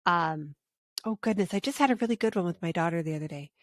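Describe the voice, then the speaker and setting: A woman co-hosting a parenting podcast, telling stories in an animated, self-mocking way. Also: fairly low pitch, fast, no room sound, studio quality. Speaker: podcast co-host. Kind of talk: casual podcast storytelling.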